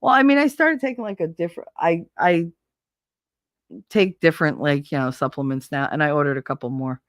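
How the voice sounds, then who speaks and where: A woman's voice: low voice, brisk, no room sound, studio quality. A woman streamer in casual live-stream chat, rambling and candid, swearing freely and laughing often.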